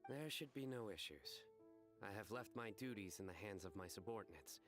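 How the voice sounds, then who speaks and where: A man's voice: lowish voice, expressive, fairly quick, music in the background, close to an everyday voice. A man voicing a stern, formal male general in a video game, speaking stiffly.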